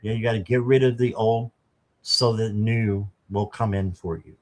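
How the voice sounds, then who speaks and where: A man's voice: on the low side, fairly even intonation, normal speed. A man doing a casual live tarot reading, chatting to viewers and reading the card text aloud. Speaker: tarot reader.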